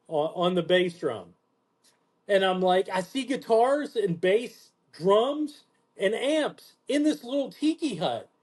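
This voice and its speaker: Podcast host, male, high-pitched, animated profane storyteller, casual chat. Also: slightly rough. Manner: animated, profane, acts out quotes in a lower voice.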